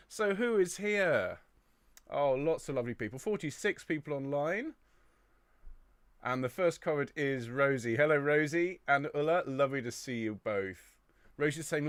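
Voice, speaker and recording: A man's voice: mid-range voice, expressive, moderate pace, fairly bright tone, no room sound. A middle-aged man leading an online choir rehearsal from his home studio, chatting and greeting viewers by name. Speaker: choir director. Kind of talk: livestream rehearsal chat.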